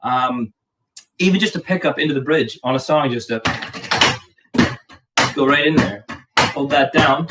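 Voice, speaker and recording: A man's voice: mid-range voice, measured pace, pauses often, loud music behind the voice. A man teaching drums in a casual video lesson, jokey and rambling, poking fun at himself. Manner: jokey, rambling, self-deprecating. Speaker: drum teacher. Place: home drum room. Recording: distant mic with clear background noise.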